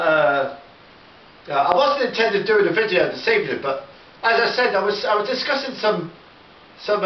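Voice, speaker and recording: A man's voice: sits high, a little hiss or hum. A man doing a rambling, sweary improvised comic monologue at home, stammering through restarts. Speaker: comedy vlogger in character. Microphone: camera mic. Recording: roomy, distant, dull home recording.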